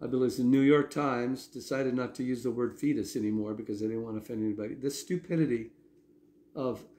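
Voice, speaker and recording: Male pastor, mid-pitched, talky sermon style with frequent check-ins, roomy echo. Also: steady tone, quick pace, dark tone. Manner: conversational preaching with frequent "okay?" asides.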